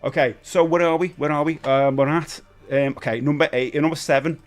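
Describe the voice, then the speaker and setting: A British man in his forties hosting a casual live stream, animated, jumping between excited high bursts and low mutters. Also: brisk, faint music behind. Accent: British English. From United Kingdom. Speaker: livestream host.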